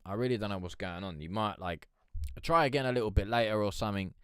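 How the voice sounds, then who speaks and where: A man hosting a casual live stream with a flat, droll Eeyore-like voice, chatting, swearing and reading out the chat. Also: fairly low pitch, fast talker, clean tone, no echo, studio quality. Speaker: livestream host.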